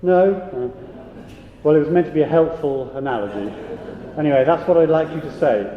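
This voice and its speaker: A man directing a choir rehearsal, briskly giving notes, counting the singers in and singing example phrases. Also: fairly high pitch. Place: large rehearsal hall. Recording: echoey hall, dull lo-fi sound.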